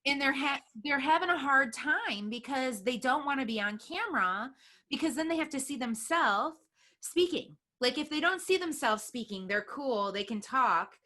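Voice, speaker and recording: Woman, podcast host, bright sharp voice, slightly high, encouraging. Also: lively intonation, normal speed. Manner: encouraging, affirming, reflective. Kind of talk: podcast interview conversation.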